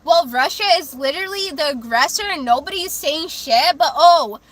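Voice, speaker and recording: A bright, high-pitched woman streamer talks straight to her chat. She sounds heated and emphatic, swears freely and hammers the same points again and again. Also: lively intonation, fairly quick, no echo. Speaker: livestream host. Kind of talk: livestream talk reacting to chat.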